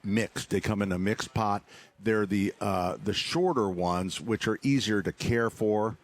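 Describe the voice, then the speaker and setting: A man's voice: on the low side, a little slow. A man who runs a garden center, chatting casually and joking about himself on a live radio show. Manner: joking, rambling, self-mocking.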